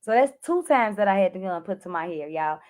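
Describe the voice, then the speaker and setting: A woman's voice: medium pitch, fairly quick. A woman clarity coach telling an emotional personal story to camera, addressing viewers directly and acting out her own frantic cries for help. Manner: animated, addresses viewers as y'all, acts out her own panicked shouts.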